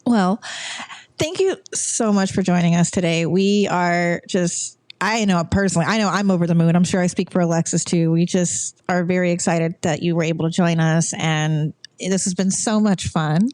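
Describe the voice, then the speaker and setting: A woman hosting a podcast, bubbly and quick to laugh, wrapping up a casual chat. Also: on the low side, fairly even intonation, a little mellow, no room sound. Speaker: podcast host.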